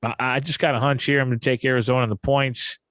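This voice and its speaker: A man's voice: mid-range voice, flat delivery, quick pace, fairly bright tone, dry recording. A man hosting a casual sports betting chat, who stops, restarts and repeats words while he steers the talk. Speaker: podcast host.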